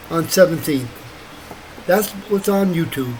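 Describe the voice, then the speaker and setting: Older man, rambling late-night monologue, high animated pitch, faint hum behind. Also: normal speed, poor audio. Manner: rambling, wandering, laughs often. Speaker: vlogger.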